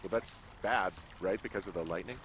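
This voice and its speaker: A man acts out a deadpan fire lookout in a video game, with a very deep, low voice. He delivers his lines with a dry, sarcastic edge, and there is noticeable noise behind him. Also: a little fast, lightly acted. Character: dry-humored middle-aged male fire lookout. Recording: game audio with background noise.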